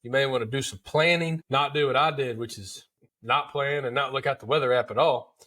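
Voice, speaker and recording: This podcast host has a mid-range voice with a steady, bright, forceful tone and talks a little fast. Chatty and folksy, he tells a hunting story as casual storytelling, repeating himself and addressing listeners as "dude."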